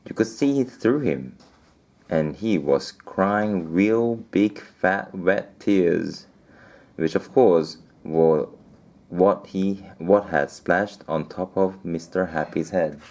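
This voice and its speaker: A man's voice: deep voice, takes it slowly, darkish tone. A man reading a children's storybook aloud, with playful asides to the listener.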